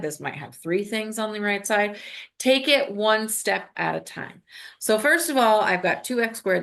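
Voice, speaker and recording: A woman's voice: mid-range voice, a bit bright. A woman math teacher recording a lesson, talking students through each step in an upbeat, coaching way.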